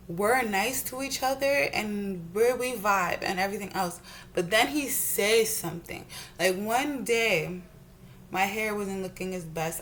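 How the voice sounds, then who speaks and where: Doing her makeup at home, a young woman vlogger goes on a heated, profane rant and keeps repeating herself. Her voice is on the low side, and there is slight background noise. She is a beauty vlogger.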